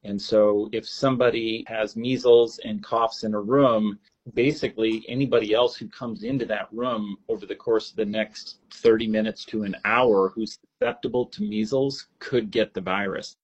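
A man, a state epidemiologist, giving measured, explanatory interview answers. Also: lowish voice, steady tone, husky. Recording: dull lo-fi interview audio.

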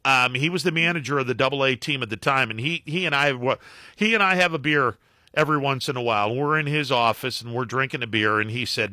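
A middle-aged former baseball broadcaster telling anecdotes as a guest, with halting restarts and acted-out quotes. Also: male voice, mid-range voice, no echo, clean studio sound. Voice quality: halting, many restarts and fillers. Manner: acts out quotes in animated anecdotes. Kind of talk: casual phone-in storytelling.

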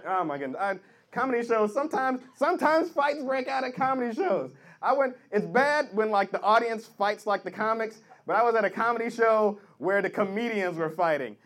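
A man doing a stand-up set, loud and animated, often shouting through impressions. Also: high-pitched, brisk. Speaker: stand-up comic. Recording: live club with crowd noise.

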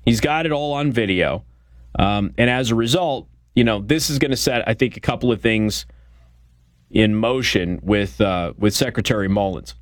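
A man's voice: on the low side, normal speed, dry recording, studio quality. A man hosting a political talk show, giving a blunt, opinionated monologue with frequent fillers. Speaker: radio show host.

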